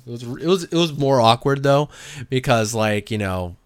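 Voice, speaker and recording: A man's voice: medium pitch, lively intonation, normal speed, smooth, dry recording. Wry, joking male podcast co-host. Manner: wry, laughs often, loose joking tone. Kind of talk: casual chat.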